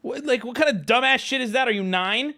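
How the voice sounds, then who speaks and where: A man's voice: very high voice, brisk, sharp tone. A man streaming live, telling stories and ranting at his chat in a profane, stammering, riled-up way. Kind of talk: casual livestream rant.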